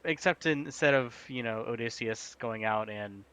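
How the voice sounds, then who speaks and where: A man with a bright, forceful voice chats casually on a live stream, wandering through game news. He talks in loose, filler-heavy runs and laughs easily. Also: mid-range voice, normal speed, a little hiss or hum, poor audio. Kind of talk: casual chat.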